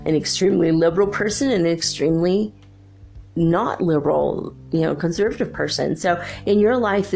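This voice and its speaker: Her voice is lowish and a little mellow, with noticeable vocal fry. As host of a spiritual talk show, she chats and rambles, filling her speech with "you know" and "like."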